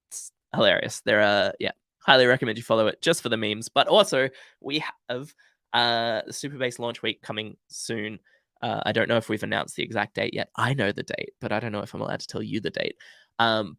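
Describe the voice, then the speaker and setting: A young man wraps up a coding livestream in a relaxed, chatty way, filling gaps with ums and uhs. His voice has a gravelly, sick-sounding edge from a cold, and the recording is close and dry with no room sound. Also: fairly low pitch, no echo. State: sick, congested voice. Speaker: livestream host. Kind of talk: casual livestream outro.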